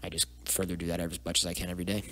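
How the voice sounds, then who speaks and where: A young man, a podcast guest, telling a personal story in a rambling, profane way and dropping into hushed asides. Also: low-pitched, monotone, rapid-fire. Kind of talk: casual storytelling interview.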